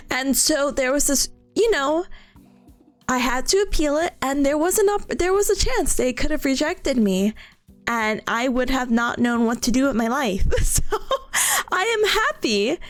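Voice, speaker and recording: A young woman chatting on a live stream with a high, very lively voice that swoops up and down. She giggles often as she talks, and faint music plays behind her. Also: a little slow. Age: young adult. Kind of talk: casual live-stream chat.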